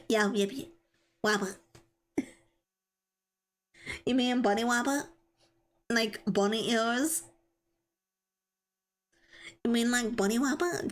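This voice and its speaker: A woman's voice: a little high, slow, long pauses. Giggly chatty young woman streamer. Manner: giggly, chatty, reads chat aloud. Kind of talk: casual live-stream chat.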